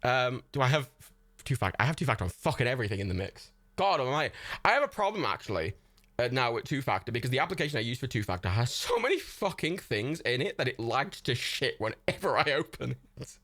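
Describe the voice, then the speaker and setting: A man's voice: medium pitch, big pitch swings, quick pace, a bit bright, no room sound. Rambling, sweary young man. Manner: rambling, sweary, laughs often, self-mocking. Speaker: livestream host. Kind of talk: casual stream chatter.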